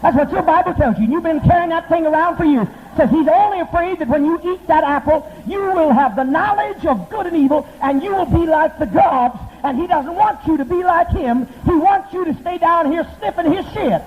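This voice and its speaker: A man's voice: extremely high pitch, a little fast, few pauses. A man preaching a fiery, profane sermon, mocking and impassioned in his delivery. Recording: tinny lo-fi archival tape with faint hiss.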